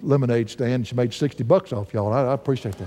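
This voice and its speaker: An older man preaching a sermon, swinging from rising, fervent calls to hushed, slow storytelling. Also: long reverb tail. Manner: animated preaching, swinging from high shouts to low hushed storytelling.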